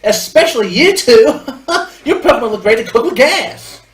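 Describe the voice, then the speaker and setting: Casting: man putting on a squeaky, bubbly teen girl cook for a game let's play, jumpy sing-song pitch. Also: animated, normal speed, roomy sound, faint music behind. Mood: gushing. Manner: perky, squealing high put-on voice.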